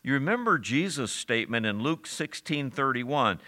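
A man's voice: lowish voice, expressive, moderate pace, hardly any pauses, pushed and bright. A man preaching a sermon as a pastor, emphatic and direct, asking his listeners rhetorical questions.

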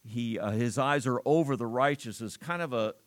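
A man's voice: medium pitch, normal speed, dry recording. An older man preaching a sermon, talking it through in a conversational way with rhetorical questions and read-aloud scripture.

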